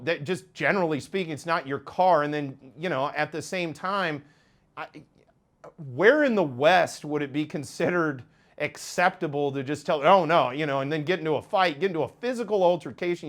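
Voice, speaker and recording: Man, lawyer, casual commentary to camera, rambling with fillers, fairly high voice. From United States. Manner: rambling, many fillers and restarts. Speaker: lawyer hosting a legal channel.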